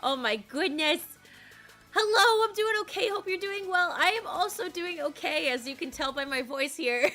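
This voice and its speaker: A young adult woman streamer with a hoarse, cracking voice, chatting casually on a live stream, bubbly and giggly as she greets her viewers. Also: high-pitched, sharp tone.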